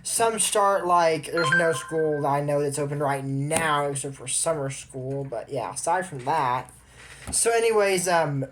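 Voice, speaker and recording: A man's voice: a little high, measured pace, background noise. A man casually retelling a cartoon episode, rambling with asides and opinions. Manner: chatty, opinionated. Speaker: show recap commentator.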